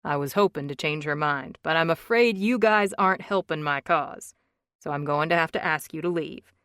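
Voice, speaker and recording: A cocky, sarcastic young man with a teasing, drawn-out way of talking, as a woman narrator puts him on. The voice sits a little low and is close and dry, with no room sound at all. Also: fairly bright tone, clean tone, dry recording. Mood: wry.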